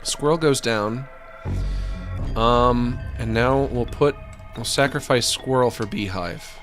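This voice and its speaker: A man streaming a video game, thinking aloud in an animated, self-mocking way with sudden exclamations. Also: mid-range voice, slow, faint music behind. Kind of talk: let's-play commentary.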